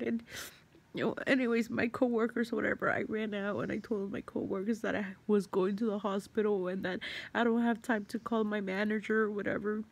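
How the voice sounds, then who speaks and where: A young woman tells a personal story in a loose, rambling way. She fills her talk with fillers and swears now and then. Her voice is gravelly with fry at a middle pitch. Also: fairly even intonation, fairly quick. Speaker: vlogger.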